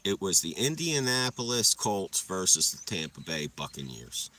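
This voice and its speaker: Young guy on a livestream telling wild stories, cussing a lot, bright punchy voice. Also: sits low, big pitch swings, normal speed. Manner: profane, rambling, laughs at own stories. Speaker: livestreamer chatting with viewers. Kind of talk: casual storytelling.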